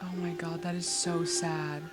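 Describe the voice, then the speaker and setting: A woman's voice: lowish voice, flat delivery, unhurried, loud music behind the voice. Emotional young woman reacting to a film. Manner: emotional, exclaiming, rambling with "like". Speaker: movie reaction host. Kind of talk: casual reaction and review.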